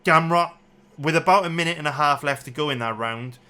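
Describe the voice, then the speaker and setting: A slightly high, bright voice delivers this angry commentary briskly and forcefully. The speaker is an MMA betting analyst picking apart a mixed martial arts fight round by round, cursing and repeating himself as he gets heated.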